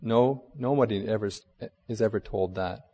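A man voicing a great wise lion who speaks gently and gravely in a storybook reading. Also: lowish voice, big-room sound, muffled recording. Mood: gentle. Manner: calm, gentle, measured.

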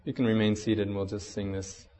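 A man's voice: on the low side, little pitch movement, brisk, warm tone, a little hiss or hum. Man preaching in a reverberant church. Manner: informal, hesitant, with fillers. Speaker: pastor. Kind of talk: sermon with storybook reading.

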